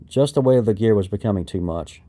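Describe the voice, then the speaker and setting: Low, mellow male memoir narrator. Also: expressive, quick pace. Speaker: audiobook narrator. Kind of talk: first-person memoir narration.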